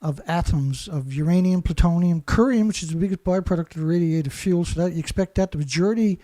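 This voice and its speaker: The man hosting this show has a high-pitched, warm voice and talks fast. He's ranting in anger, piling on insults and repeating himself.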